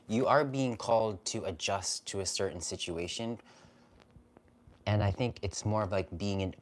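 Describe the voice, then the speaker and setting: A card reader hosting a live stream, talking in a soft, gentle and heartfelt way about spirit and guidance. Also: medium pitch.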